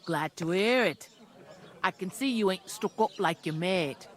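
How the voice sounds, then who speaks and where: An actress voicing a blunt, bossy village tavern keeper with a northern English accent and coarse rural dialect. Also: female voice, fairly low pitch, lively intonation, a little slow. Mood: gossipy. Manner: bossy, scolding. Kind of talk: video game voice acting.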